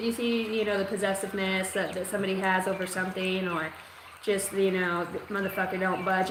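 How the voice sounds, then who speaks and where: A woman giving a live-streamed psychic reading, talking in a rambling, profane, streetwise way. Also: on the low side. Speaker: psychic reader. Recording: echoey room with steady noise.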